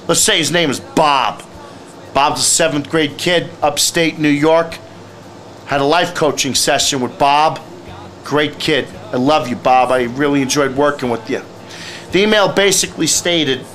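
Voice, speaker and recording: Guy giving teens straight-talk advice, kinda high voice, blunt and preachy. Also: a bit bright, slight background noise. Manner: blunt, lecturing, outspoken. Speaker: youth speaker and life coach. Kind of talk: direct advice monologue to teens.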